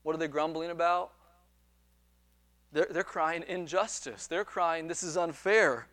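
A man with a high voice preaches a sermon. He retells a parable in an animated way, acts out the quoted dialogue and repeats words as he builds each point. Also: normal speed, dry recording. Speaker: pastor.

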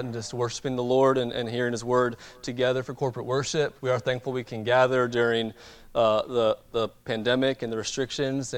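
A man's voice: mid-range voice, smooth. Hesitant male pastor, church sermon. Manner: hesitant, repeats words, many fillers.

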